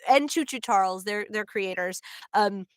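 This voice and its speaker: Hosting a signing stream, this voice actress from New Jersey chats casually with her viewers in a medium-pitched voice at a moderate pace. The audio is studio quality with no room sound, and her talk is bubbly, laughing often and saying "like" a lot.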